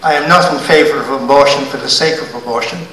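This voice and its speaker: Older man asking a pointed question from the floor of a crowded function room; bright, slightly raised voice, echoey and distant on the mic. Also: mid-range voice, a little hiss or hum. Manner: emphatic, halting, stresses words. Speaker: audience member asking a question. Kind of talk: public debate question from the floor. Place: large hotel function room. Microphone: handheld mic passed through audience.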